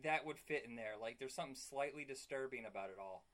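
A man talks quickly in relaxed conversation, giving firm opinions. His voice sits at an average pitch for a man. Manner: fast-talking, opinionated. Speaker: podcast co-host. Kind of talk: casual chat.

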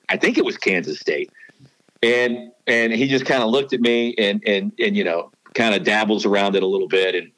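Low-voiced guy rambling through old reporting stories, lots of restarts, dry close radio sound. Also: fairly quick, fairly bright tone, no room sound, low-quality recording. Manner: rambling, full of restarts and fillers. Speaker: sports announcer and former beat reporter. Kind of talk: storytelling podcast chat.

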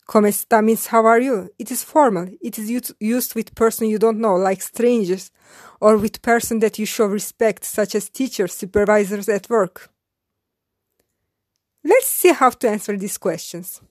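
Slow, careful woman teaching basics. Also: medium pitch, dry recording, clean studio sound. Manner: syllabifies and repeats phrases slowly for learners. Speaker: Italian language teacher. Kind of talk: slow scripted language lesson.

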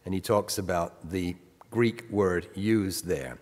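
A man's voice: low-pitched, takes it slowly, a little mellow. A man preaching a sermon, reading scripture aloud and stressing key words as he explains them. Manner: emphatic, reads scripture with rising stress. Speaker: pastor. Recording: long reverb of a hall.

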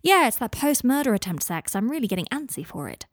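A woman's voice: fairly high pitch, big pitch swings, fast, no room sound, voice pushed up. A woman voicing a blunt, dryly teasing young wizard man in an audiobook story reading, close to her own voice. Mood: wry. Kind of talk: audiobook fan fiction reading.

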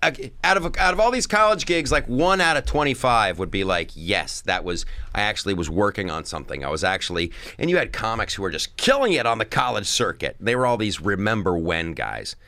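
A male comedian telling stories in a casual interview, animated and acting out impressions. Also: mid-range voice, fairly quick, few pauses, no echo. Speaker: comedian guest.

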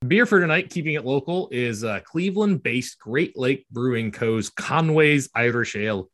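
A man hosts a casual podcast in a voice of middling pitch. He keeps things jokey and upbeat, tripping into loose restarts now and then. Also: animated, normal speed, a bit bright. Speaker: podcast host.

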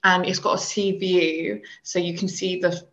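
A woman's voice: fairly low pitch, flat delivery, measured pace, fairly bright tone. A young British woman chatting casually on a podcast, hesitating with many fillers. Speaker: podcast co-host. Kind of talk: casual chat. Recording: dull lo-fi sound.

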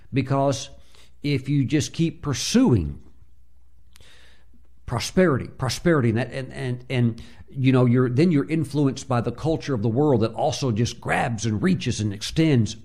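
Man preaching a sermon, mid-pitched voice, hesitant uhs, acts out quotes. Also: dark tone. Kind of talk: sermon storytelling.

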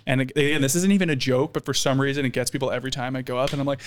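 A man's voice: medium pitch, very fast, smooth. A young man co-hosting a casual podcast chat, telling server stories and acting out customers in funny voices. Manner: animated storyteller, acts out customers in funny voices. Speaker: podcast co-host, restaurant server.

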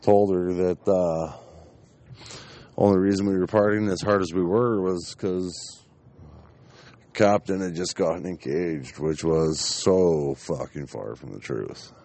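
Low-voiced man telling a story. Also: slow, warm tone. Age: young adult. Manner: profane, rambling, blunt. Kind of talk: casual spoken anecdote.

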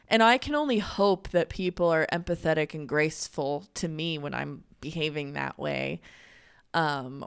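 A woman's voice: on the low side, smooth. A young woman in a casual, candid monologue, chatty and full of "like" fillers. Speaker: podcast host.

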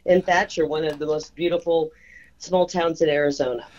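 A woman's voice: low voice, fairly even intonation, background noise. A woman calling in to a radio interview as a political candidate, explaining her position fluently and carefully. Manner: fluent, measured explanation with restarts. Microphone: telephone. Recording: dull phone-line sound.

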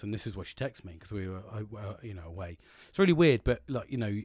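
A man's voice: fairly low pitch, lively intonation, quick pace, darkish tone, dry recording, studio quality. A middle-aged British man hosting a podcast, talking frankly and reflectively about his own struggles, with lots of swearing and real emotion. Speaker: podcast host. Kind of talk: candid personal monologue.

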